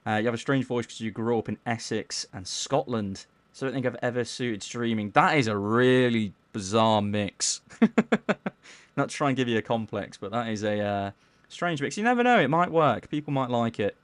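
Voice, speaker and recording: A man casually chatting on a live gaming stream, reading chat aloud in a mellowed-out, low-key way and tripping over words as he plays. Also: a bit bright, no echo. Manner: stumbles over words while playing.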